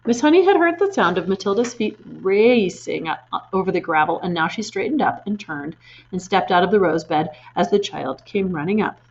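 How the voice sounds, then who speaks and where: A woman reading a children's storybook aloud in an expressive way, pointing out the pictures as she goes. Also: mid-range voice, normal speed, dull audio.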